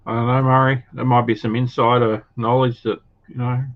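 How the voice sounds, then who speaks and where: A man of middle pitch makes easygoing side comments during a casual livestream. His voice comes through slightly muffled and lo-fi. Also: flat delivery, brisk. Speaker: livestream co-host.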